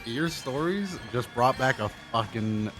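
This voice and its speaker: A man's voice: medium pitch, animated, unhurried, over music. A young man from Florida, a guest on a game stream, telling stories between laughs and curse words. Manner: laughing storyteller who swears freely. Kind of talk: casual chat while gaming.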